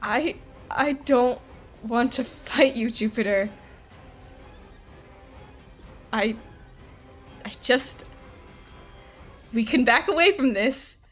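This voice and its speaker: A woman voicing a reluctant young female cleric who pleads in halting, hesitant words. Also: sits high, very animated, pushed and bright, soft background music, exaggerated voice. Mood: pleading.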